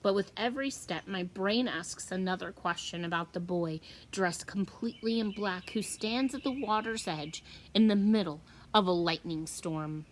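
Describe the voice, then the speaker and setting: A woman teacher reading a novel aloud with slow, expressive storytelling. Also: mid-range voice, a little hiss or hum.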